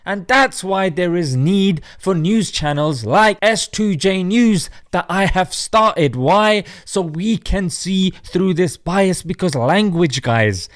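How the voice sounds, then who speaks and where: A man's voice: high-pitched, no echo, clean studio sound. A man hosting an informal news commentary, talking in a casual, sarcastic way. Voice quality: informal, sarcastic, peppered with "mate". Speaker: host.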